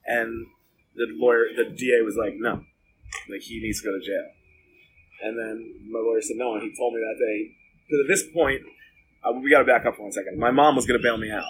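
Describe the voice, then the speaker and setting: A man's voice: mid-range voice, fairly even intonation, fast talker, slight background noise, low-quality recording. A man being interviewed, telling his own story in a blunt, profane, rambling way with lots of filler words. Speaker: interview guest. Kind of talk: candid storytelling about jail and addiction.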